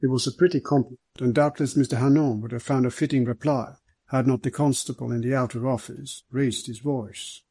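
A man reading a mystery novel aloud as the narrator, in a measured way. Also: mid-range voice, steady tone, mellow, husky. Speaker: audiobook narrator. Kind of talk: scripted narration.

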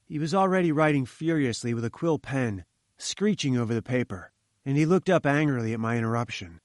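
A man's voice: medium pitch, lively intonation, dry recording. Man narrating a story in a dry voice. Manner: measured and formal storytelling. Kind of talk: audiobook narration.

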